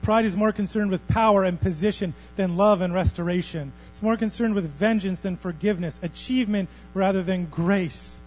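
A man preaching a sermon as pastor, swinging from hushed, almost whispered passages to loud, thundering ones. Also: high voice, moderate pace, hardly any pauses, poor audio. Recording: faint mains hum.

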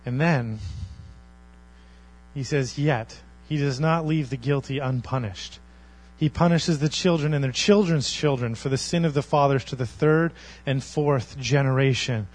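A man preaching a sermon as a pastor, earnest, swinging between loud emphasis and quiet intensity. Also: medium pitch, unhurried.

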